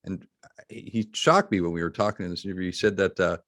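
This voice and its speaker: Low-voiced man telling a story. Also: fast, dry recording, clean studio sound. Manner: animated storyteller, voices quotes. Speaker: host. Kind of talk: interview storytelling.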